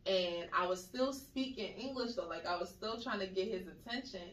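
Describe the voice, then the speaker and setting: A woman in casual chat, telling dream stories in a slangy, animated way and acting out the voices she quotes. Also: medium pitch, normal speed. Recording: echoey room, mic at a distance.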